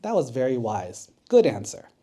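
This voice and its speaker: A big, proud bird from a children's storybook, full of himself, as a man puts him on. He brags in a somewhat raised, mellow voice. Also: medium pitch, big pitch swings, normal speed. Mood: boastful.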